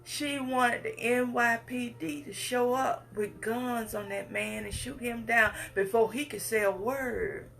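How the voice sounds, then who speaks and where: A woman's voice: on the high side, unhurried, creaky, few pauses, fairly bright tone. A woman, giving an impassioned speech with emphatic, repetitive phrasing. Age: 50s. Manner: emphatic, repetitive, preacher-like cadence. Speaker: speaker addressing the public.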